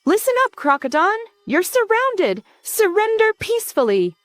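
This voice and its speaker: A woman's voice: fairly high pitch, expressive, normal speed, no echo, natural voice. A smug, sarcastic young male villain, cocky and showy, read by a woman recapping a comic. The voice is dry and close, with faint music underneath. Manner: sarcastic, teasing.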